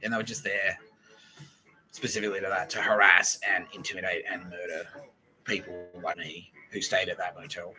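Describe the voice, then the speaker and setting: A man's voice: deep voice, flat delivery, normal speed, pushed and bright, soft background music, low-quality recording. An Australian man hosting a podcast, telling a rambling story in a profane, agitated way. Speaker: podcast host. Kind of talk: casual rambling monologue.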